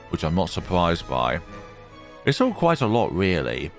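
Hosting a let's play, a man reads a horror visual novel aloud with dramatic flair, livelily breaking off into joking asides between passages. His voice sits low and moves a little slowly, with soft music playing in the background.

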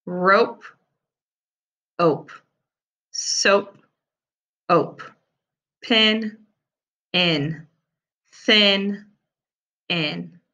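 This recording features a woman teacher helping young children learn to read. She breaks words into sounds with animated pitch, speaking clearly and at an unhurried pace.

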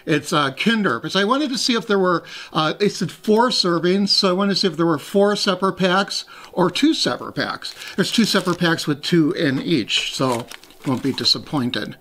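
A man's voice: high voice, animated, normal speed, fairly bright tone. A man hosting a casual taste-test vlog, talking in a chatty, rambling way and poking fun at himself. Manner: chatty, rambling, self-deprecating. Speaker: host.

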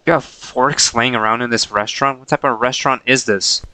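Bright, crisp-voiced male game streamer. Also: medium pitch, steady tone, a little fast, rough recording. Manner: playful, chuckling, talks to himself. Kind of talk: casual gameplay chatter.

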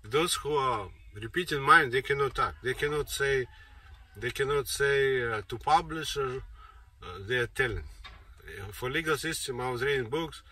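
A man's voice: mid-range voice, normal speed, bright, forceful tone, breathy edge. A man talking in an insistent, rambling monologue, repeating himself and circling back to the same points. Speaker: speaker giving a monologue. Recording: distant mic with faint noise.

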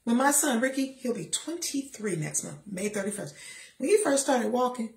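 A woman's voice: fairly high pitch, moderate pace, gravelly. Emphatic, sassy middle-aged woman, echoey room. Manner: emphatic and sassy, with lively asides. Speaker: motivational speaker. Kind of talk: faith-based motivational talk. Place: seated in a chair.

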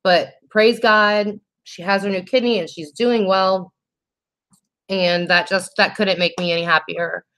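A woman's voice: medium pitch, steady tone, unhurried, a bit bright. Chatty woman hosting a live makeup tutorial. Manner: chatty and heartfelt, with frequent restarts and "um". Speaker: makeup vlogger host. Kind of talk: live makeup tutorial chat, reading viewer comments.

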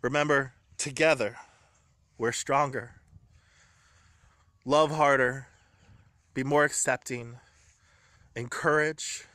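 A man vlogging from home, talking in an earnest, rambling, grateful way, excited and a little shaky. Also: mid-range voice, slow pace, pauses often, no room sound. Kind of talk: emotional personal vlog.

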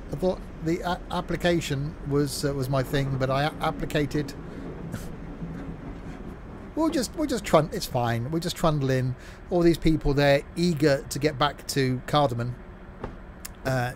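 A man's voice: a little high, background noise. A man streaming a train game live, rambling through jokey commentary full of "uh" fillers. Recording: train game sounds under voice.

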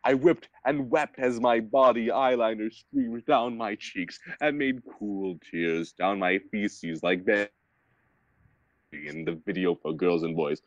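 A young man reading a bad fan story aloud for laughs, sarcastic and animated, over a voice call. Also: lowish voice, slow, no room sound, muffled recording. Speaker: reader in a group reading. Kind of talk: mock-dramatic comedic reading aloud.

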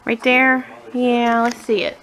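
A woman's voice: on the high side, monotone, slow pace, fairly bright tone, rough recording. A mother vlogging casually, coaxing her baby in a playful sing-song voice. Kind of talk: casual vlog chat and baby talk.

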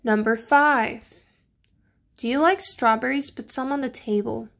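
Slow, gravelly-voiced woman teacher. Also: a little high, a bit bright. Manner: slow, patient, checking in with "okay?" and "right?". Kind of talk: grammar lesson for children.

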